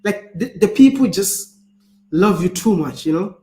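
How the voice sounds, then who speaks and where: A man's voice: high voice, unhurried. A Ghanaian man, a travel vlogger with a Ghanaian accent, chatting casually and animatedly, often restarting his words. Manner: animated, laughs often, repeats words when starting. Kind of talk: casual chat. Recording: echoey room, faint background noise.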